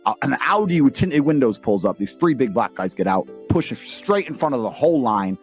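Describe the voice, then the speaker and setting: Fast, animated British man telling stories. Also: mid-range voice, faint music behind. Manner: profane, boastful, animated storyteller. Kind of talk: brash storytelling chat.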